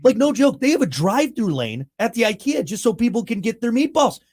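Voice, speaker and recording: A man co-hosting a podcast, chatting casually and riffing with animated emphasis. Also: extremely high pitch, a little fast. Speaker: podcast co-host. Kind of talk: casual chat.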